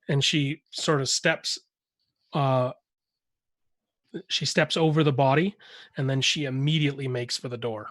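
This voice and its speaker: Man, game master, narrating a fantasy battle, halting descriptions, dry close sound. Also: medium pitch, steady tone, a bit bright, no echo. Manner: hesitant, many restarts while describing.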